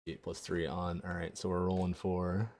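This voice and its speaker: A man's voice: sits low, monotone, normal speed, darkish tone. A man playing a tabletop game, blunt and profane, grumbling about his choices. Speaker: player.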